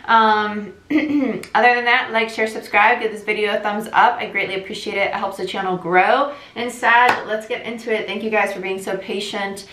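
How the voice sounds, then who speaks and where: A young woman from New Jersey giving a casual tarot reading, talking quickly in a chatty, rambling way. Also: mid-range voice, steady tone, noisy background. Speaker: tarot reader. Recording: echoey room.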